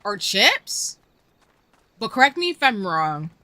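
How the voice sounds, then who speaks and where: A woman's voice: medium pitch, big pitch swings, slow, sharp tone, dry recording. A woman streaming a game, chatting casually and answering her chat in slangy, chatty talk. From United States.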